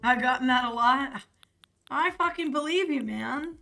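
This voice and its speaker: A young American woman chats on a live stream, rambling and swearing freely with plenty of fillers. Her voice is bright and a little high, with soft music playing behind her. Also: measured pace, gravelly. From United States. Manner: rambling, profane, filler-heavy. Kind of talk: casual live-stream chat. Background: faint music.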